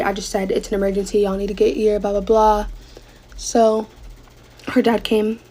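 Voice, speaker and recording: Gravelly young woman telling a storytime. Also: medium pitch, warm tone, slight background noise, poor audio. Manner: casual, swearing, breathless storytelling. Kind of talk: storytime while getting ready.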